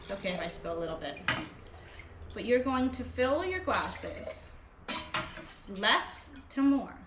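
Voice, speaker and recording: A young woman teaching a music lesson to small children in a cheerful, slow and clear way, at home in her kitchen. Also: medium pitch, very animated. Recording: echoey kitchen with clear background noise.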